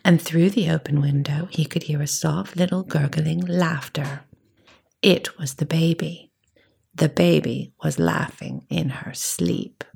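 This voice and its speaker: Woman storyteller, low voice, gravelly and breathy, soft half-whispered narration, playful emphasis. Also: steady tone, a little slow. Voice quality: breathy, husky.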